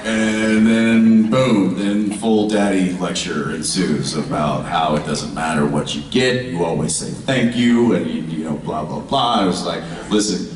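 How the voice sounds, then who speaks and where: A man's voice: low-pitched, fairly even intonation, unhurried, few pauses. A man on a convention panel telling a family anecdote, chuckling and acting out his kid's lines. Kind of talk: anecdote told on stage. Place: large convention hall. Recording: echoey hall, mic heard from far off, loud noise. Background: loud audience laughter and chatter.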